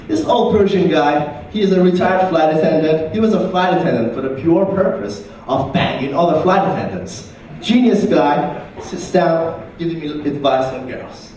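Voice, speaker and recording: A young man performing a stand-up comedy set at a university comedy night, animated and quick to jump into loud put-on voices. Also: high-pitched, a little hiss or hum. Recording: roomy hall, mic heard from a distance.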